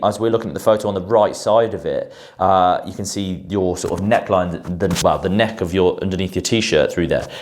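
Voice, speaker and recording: A man's voice: sits low, darkish tone. A man hosting a grooming vlog, chatting casually about haircuts and beards and leaning on stock phrases. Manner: chatty, repeats stock phrases like 'in through there'. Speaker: male grooming specialist and host.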